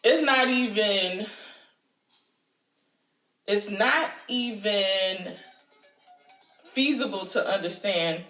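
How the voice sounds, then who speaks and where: A woman vlogger telling a spiritual dream story to camera in a casual, animated way, with casual slang. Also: drawn-out words, pauses often. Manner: animated, acts out her panic in a high squeaky voice; casual slang, says "y'all". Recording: roomy echo with faint music behind.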